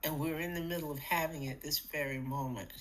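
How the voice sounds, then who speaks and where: Middle-aged woman chatting on a spiritual podcast, lowish voice, playful, acts out little voices. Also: fairly even intonation, fairly quick, low-quality recording. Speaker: podcast co-host. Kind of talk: casual spiritual talk.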